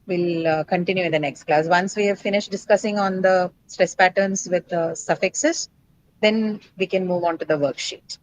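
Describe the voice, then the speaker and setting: A woman with a somewhat low voice teaches a lesson, explaining step by step with many fillers and quick "right?" checks. A faint hiss sits under the recording. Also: steady tone, poor audio. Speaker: English teacher. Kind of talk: online class lecture.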